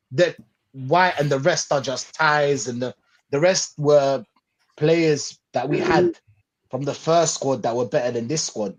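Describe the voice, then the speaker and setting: A man's voice: fairly high pitch, lo-fi sound. A man hosting a casual fan podcast, reading out chat comments with slang and frequent laughter. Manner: excitable, laughs often, slangy.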